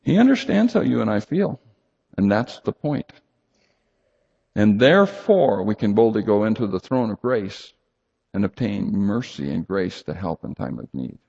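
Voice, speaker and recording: A man preaching a sermon to a congregation, emphatic and animated, rising high for emphasis and dropping low and quiet. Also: normal speed, vocal fry, husky. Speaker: pastor. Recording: lo-fi recording in a reverberant hall.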